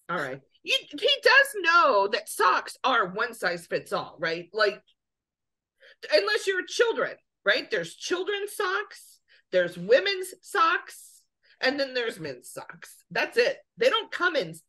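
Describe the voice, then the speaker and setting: A woman co-hosting a casual chat show, teasing her friend with quick quips and laughter. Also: sits high, huge pitch swings, bright, forceful tone. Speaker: podcast co-host.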